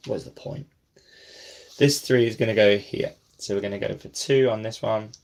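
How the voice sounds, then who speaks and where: This brick-building vlogger has a lowish, darkish voice with vocal fry and speaks at a normal speed. He offers casual running commentary while building, talking to himself in a self-deprecating way and sometimes dropping to a near whisper as he concentrates.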